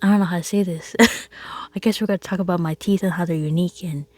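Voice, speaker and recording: A woman telling a casual storytime to her viewers, chatty and laughing, often dropping into a soft whisper. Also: on the low side, steady tone, fast talker, no echo. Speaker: vlogger.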